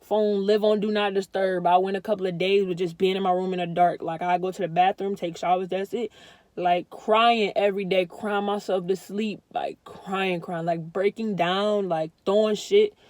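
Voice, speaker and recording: A woman's voice: medium pitch, fairly even intonation, moderate pace, a little mellow, no room sound. A young woman vlogging candid advice in a blunt, emphatic, heartfelt way, swearing freely and using lots of slang.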